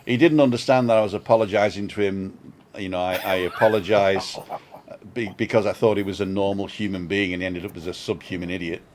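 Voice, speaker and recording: A man's voice: sits low, steady tone, brisk, darkish tone, slight background noise. An older man co-hosting a casual live-stream vlog chat, rambling through stories with chuckles and self-mocking asides. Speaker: vlog co-host. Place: home balcony.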